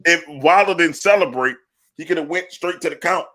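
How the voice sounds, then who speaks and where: This sports podcast co-host speaks fairly quickly in a fairly high-pitched male voice. Boastful and casual, he spins lively stories, laughing and cursing as he goes.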